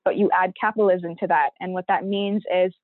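A woman's voice: lowish voice, steady tone, a little fast, no room sound, phone-quality sound. Young woman from toronto talking earnestly on a podcast, thin phone-ish sound, dry. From Toronto, Canada. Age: young adult. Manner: earnest, thoughtful, explains at length. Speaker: interview guest. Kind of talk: podcast interview.

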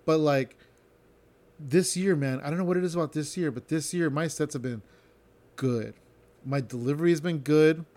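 A man's voice: a little high, normal speed, pauses often, a little mellow. Rambling, self-deprecating male comedian. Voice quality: tends to slur words. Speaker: stand-up comedian and podcast host. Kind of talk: casual solo podcast talk.

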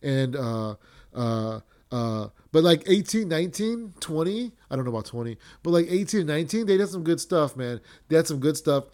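A man's voice: fairly high pitch, sing-song, normal speed, darkish tone. A young man hosting a wrestling podcast, ranting casually with lots of swearing, fillers and restarts.

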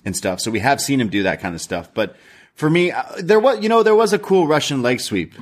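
A man co-hosting a wrestling review podcast, speaking at an ordinary mid pitch. His talk is loose and rambling, full of fillers and small jokes. He gives his opinions in casual chat. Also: sing-song, fairly quick. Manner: rambling, jokey, many fillers.

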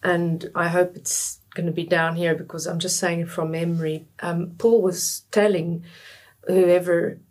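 A woman's voice: lowish voice, little pitch movement, measured pace. A woman co-hosting a Christian talk show, speaking fervently and exhorting viewers. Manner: fervent, exhorting, quoting scripture. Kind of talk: casual faith discussion.

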